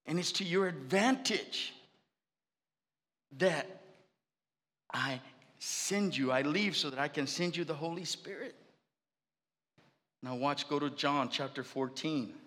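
A man's voice: on the high side, slow, long pauses, fairly bright tone, long reverb tail. A man preaching a sermon as pastor, building with fervor and repeated phrases. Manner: preaching with rising fervor and repetition.

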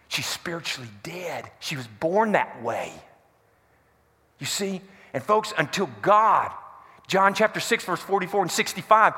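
A man's voice: high voice, bright, forceful tone, slightly rough. A man preaching a sermon to a congregation, quizzing them with call-and-response questions. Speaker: pastor. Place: church hall before a congregation. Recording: echoey hall reverb.

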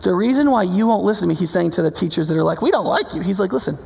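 Gravelly preacher in a reverberant hall. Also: male voice, high voice, very fast. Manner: conversational, animated preaching with frequent "right?". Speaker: pastor. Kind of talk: sermon.

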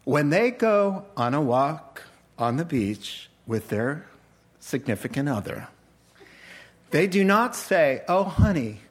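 A man preaching a sermon as pastor, animated and joking with laughing asides. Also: on the high side, slow pace.

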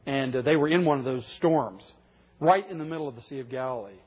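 Husky animated preacher in an echoey hall. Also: male voice, fast talker, muffled recording. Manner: animated, rising to high dramatic pitch when quoting. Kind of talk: sermon.

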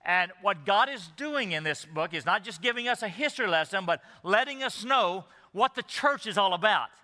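A man preaches from the pulpit, his voice high and bright, almost piercing. He leans on words with deliberate pauses. The sound rings out through a reverberant church hall. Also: animated. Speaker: pastor. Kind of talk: sermon. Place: church sanctuary.

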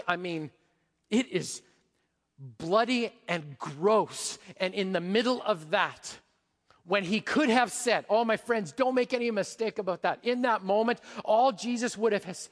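A pastor preaching a sermon, animated, dropping to a hush and rising to a shout. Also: male voice, high-pitched, in a large hall. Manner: animated, swings from hushed to shouting.

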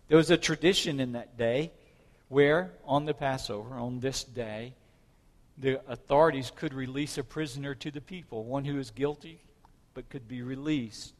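A man delivers a sermon in a dramatic storytelling manner, his voice swelling on key moments. His voice is of middling pitch and carries the long reverb of a hall. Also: moderate pace. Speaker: preacher.

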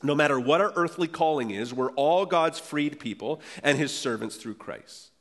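A man preaching a sermon as pastor, earnest and emphatic, slowing down to stress key phrases. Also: on the high side, fairly bright tone. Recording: long reverb of a church hall.

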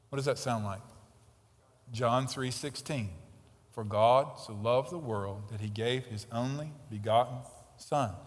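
A man preaching a sermon as pastor, emphatic, with loud stresses and quiet asides. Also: mid-range voice, measured pace, big-room sound. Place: church sanctuary.

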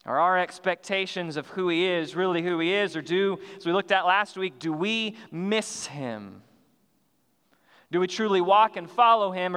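Man preaching, high voice, smooth and resonant, long church hall reverb, earnest measured delivery. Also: fairly bright tone. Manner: earnest, measured preaching with slowed emphatic phrases and some restarts. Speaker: pastor. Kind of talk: sermon. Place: church sanctuary.

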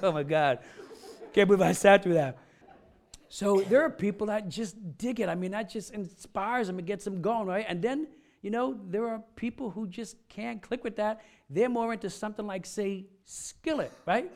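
A middle-aged man with a high voice delivers a loose, joking sermon from the pulpit. He talks in a chatty, rambling way and keeps slipping into asides. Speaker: pastor.

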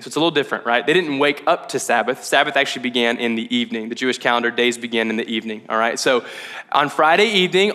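Guy preaching a sermon, casual and jokey, keeps asking "right?", bright forceful voice, kinda high, big hall echo. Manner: lively, conversational, with frequent "okay?" and "right?" check-ins; jokey asides and acted-out quotes. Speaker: pastor.

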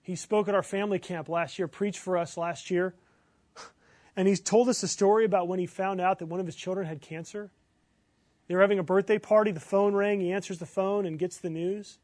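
A man preaching a sermon as pastor, earnest, building to emphatic bursts and then dropping low. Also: steady tone, fairly quick, darkish tone, dry recording.

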